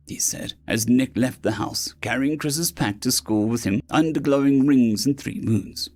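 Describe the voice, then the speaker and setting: A man narrating science fiction stories as an audiobook reader, animated and putting on voices for the characters. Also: medium pitch, a little slow, hardly any pauses. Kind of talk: scripted narration of sci-fi stories.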